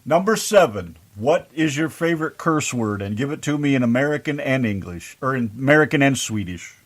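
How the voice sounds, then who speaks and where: A man's voice: mid-range voice, animated, brisk. A man hosting an internet radio interview, reading out numbered questions in a teasing way. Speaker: radio show host.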